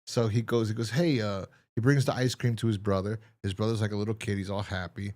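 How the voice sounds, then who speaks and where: A man's voice: fairly low pitch, steady tone, fast talker, a little mellow. A man co-hosting a podcast in casual chat, rambling and exasperated as he retells a TV episode and acts out its lines. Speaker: podcast co-host.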